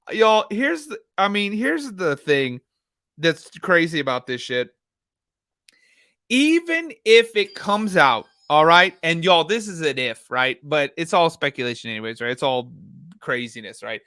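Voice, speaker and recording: A man's voice: on the high side, bright, forceful tone, no echo, clean studio sound. A man hosting a true crime livestream, talking bluntly and mockingly with lots of swearing. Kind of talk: casual livestream commentary.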